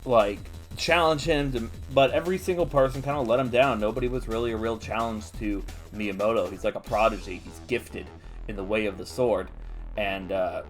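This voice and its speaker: A man hosting a casual manga recap, chatty and animated with laughing asides. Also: fairly low pitch, normal speed, soft background music. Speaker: host.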